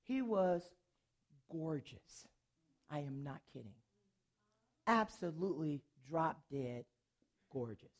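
A middle-aged woman preaches a testimony to an audience, her voice rising and falling with a lively, musical pitch. She tells her story dramatically and laughs often. Her delivery swings from loud bursts to hushed, confiding tones. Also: slow pace, pauses often. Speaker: speaker giving a testimony to an audience. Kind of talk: animated testimony sermon.

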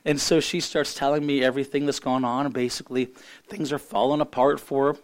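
A middle-aged man gives a sermon as pastor, his mid-range voice rough from strain and his tone level. He sounds earnest, though he halts and begins his sentences again frequently.

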